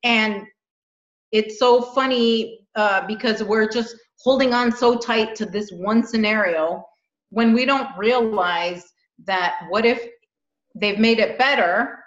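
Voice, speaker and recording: A woman co-hosting a casual spiritual chat, talking in animated, explanatory bursts. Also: on the high side, slow pace. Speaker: co-host. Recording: echoey, dull lo-fi audio.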